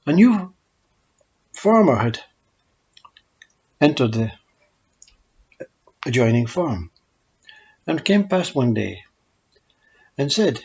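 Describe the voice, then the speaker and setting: Husky man telling parables. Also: mid-range voice. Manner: calm, measured storytelling. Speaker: storyteller. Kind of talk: spoken parables. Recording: dull lo-fi recording.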